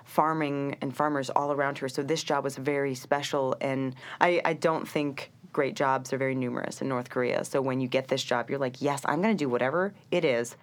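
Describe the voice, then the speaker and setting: A woman's voice: extremely low pitch, little pitch movement, normal speed, hardly any pauses. An American woman, a guest on a talk show, chatting casually and telling a travel story. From United States. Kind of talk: casual chat.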